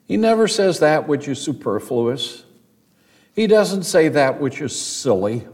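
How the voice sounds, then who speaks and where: His voice is on the high side with big pitch swings and a darkish tone, and he speaks a little slowly. Preaching as pastor, he talks straight to his congregation with earnest conviction, adding storytelling asides and climbing toward emphatic high points.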